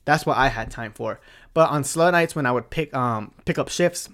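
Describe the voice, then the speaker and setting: A man's voice: mid-range voice, normal speed, a bit bright. A young man who works as a bartender gives advice in a casual monologue. He talks frankly and chattily, swears freely, and keeps adding asides.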